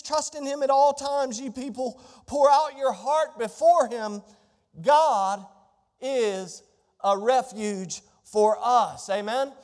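High-voiced preacher in a reverberant hall. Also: male voice. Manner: rising to emphatic, near-shouted declarations. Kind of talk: sermon. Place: church sanctuary.

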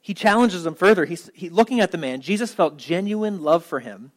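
Man, pastor, conversational sermon, higher-pitched voice, animated, casual asides. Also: a little fast, rough recording. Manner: casual and animated, with frequent asides and check-ins.

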